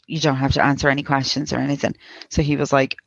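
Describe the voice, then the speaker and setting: A woman in her thirties with an Irish accent, telling a painful personal story in a halting way, full of restarts and quoted speech. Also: extremely low pitch, flat delivery, vocal fry, dry recording, lo-fi sound. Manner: halting, many restarts and likes, quoting others. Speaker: guest sharing a personal story. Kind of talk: emotional personal account.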